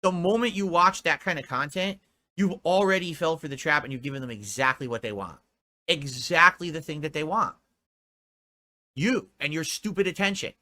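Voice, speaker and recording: A man's voice: on the high side, moderate pace, bright, forceful tone. A man in a clip played during a reaction video, lecturing in a scornful rant.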